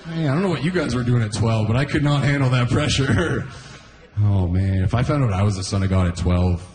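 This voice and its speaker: A man's voice: mid-range voice, a little fast, darkish tone, reverberant. A young man from Canada doing a stand-up routine, laughing at his own jokes as he goes. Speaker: stand-up comedian.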